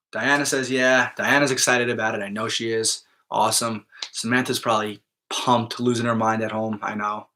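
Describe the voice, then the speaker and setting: A man's voice: medium pitch, pushed and bright. A man, a math teacher, talking casually and upbeat to his students in a live online class, checking in with them often.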